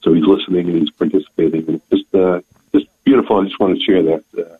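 A man's voice: low voice, fairly even intonation, breathy edge, no room sound. Older man calling in on a phone line. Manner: earnest, halting, emotional. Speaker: caller. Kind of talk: phone-in testimony. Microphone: telephone.

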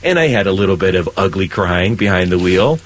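A priest speaks earnestly about faith on a conversational show, his pitch climbing whenever he's moved. He talks briskly and with animation, though the recording is rough.

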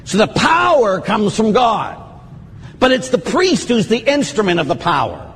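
A middle-aged Catholic priest giving a conversational teaching on confession, acting out what penitents say in a lively, plain-spoken way. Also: male voice, sits high, normal speed, slightly rough, in a large hall.

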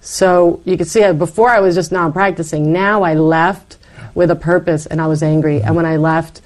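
A middle-aged woman telling her personal faith story in conversation, animated and acting out her past self. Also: fairly low pitch, normal speed. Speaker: interview guest.

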